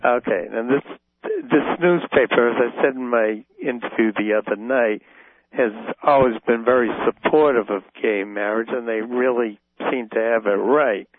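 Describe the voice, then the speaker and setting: A man calling in to a radio show, speaking haltingly with many pauses and restarts. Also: mid-range voice. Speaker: caller. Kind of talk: phone-in call. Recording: tinny phone line.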